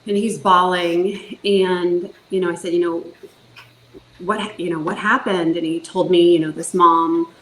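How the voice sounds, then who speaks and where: A woman's voice: fairly low pitch, fairly even intonation, measured pace, a bit bright, slight background noise. Earnest woman telling her story, echoey room. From Northern California, USA. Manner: earnest storytelling, many fillers and restarts. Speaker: foster parent guest. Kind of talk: casual podcast interview.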